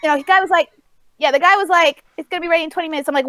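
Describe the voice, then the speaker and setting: High-pitched woman rambling through a story on a podcast, does all the voices, dry close mic. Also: rapid-fire, no room sound. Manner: animated storytelling with laughs and acted-out quotes. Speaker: podcast co-host. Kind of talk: casual chat, telling a story.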